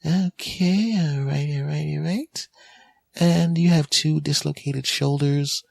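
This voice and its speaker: A man's voice: on the high side, steady tone, creaky, darkish tone, dry recording, studio quality, voice pushed up, exaggerated voice. A man doing a snarky, nosy paramedic. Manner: skeptical, snarky, drawn-out.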